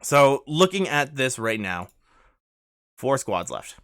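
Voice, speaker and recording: A man's voice: medium pitch, sing-song, slow pace, a bit bright, clear, resonant tone, no echo. A man coaching over gameplay footage, urgent and insistent, repeating his instructions and pleading with the player. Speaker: gaming coach.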